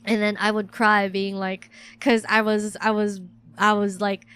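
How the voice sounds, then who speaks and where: A woman's voice: medium pitch, little pitch movement, measured pace, fairly bright tone, clean tone. A woman streaming as a VTuber, chatting casually and rambling with lots of restarts about herself. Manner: rambling, self-deprecating, many restarts. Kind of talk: casual livestream chat.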